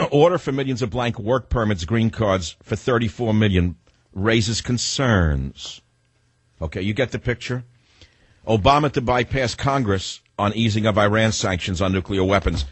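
A man's voice: lowish voice, normal speed, slightly rough, no room sound. A man in his sixties hosting a radio talk show, rambling through combative, digressive stories and opinions.

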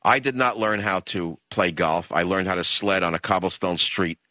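An older man from the Bronx, hosting a radio talk show in an impassioned, emphatic monologue that swings into high, mocking rants. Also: moderate pace, sharp tone, no room sound. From the Bronx, New York.

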